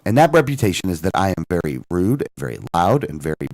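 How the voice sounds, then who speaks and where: A man's voice: low voice, fast talker. A man co-hosting a radio talk show, animatedly retelling a phone call with many restarts and quoted lines. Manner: animated storyteller, lots of restarts and quoted dialogue.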